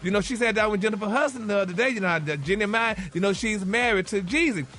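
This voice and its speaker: A man's voice: sits high, fast, bright, forceful tone. A man co-hosting a morning radio show, chatting flamboyantly and calling everyone "honey.". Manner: flamboyant, sprinkles "honey" and "y'all". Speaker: co-host, gossip segment. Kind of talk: casual morning radio chat.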